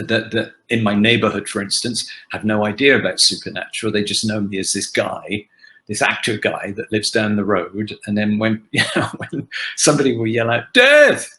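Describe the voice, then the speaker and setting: An older man, a guest actor answering fan questions on a video call from his kitchen, telling stories in an animated way. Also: fairly low pitch, rough recording. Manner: animated anecdotal storytelling. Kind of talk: casual virtual panel Q&A. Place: home kitchen.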